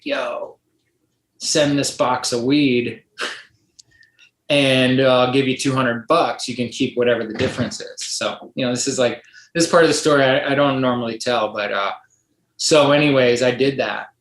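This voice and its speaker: A man's voice: medium pitch, steady tone, moderate pace, a bit bright. Rambling man telling a story, roomy echo. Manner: rambling, lots of likes and ums, acts out quoted voices. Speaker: podcast guest. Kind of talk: casual storytelling.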